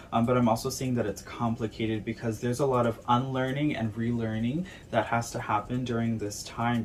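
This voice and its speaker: Man, tarot reader, earnest, mid-range pitch, slight background hiss. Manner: earnest, repeats "okay?" and "right?". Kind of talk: spiritual reading to camera.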